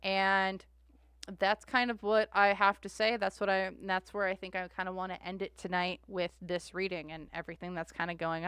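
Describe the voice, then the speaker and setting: A woman's voice: medium pitch, a bit bright, clean tone, dry recording, clean studio sound. A woman hosting a tarot livestream, chatting casually and rambling with frequent restarts.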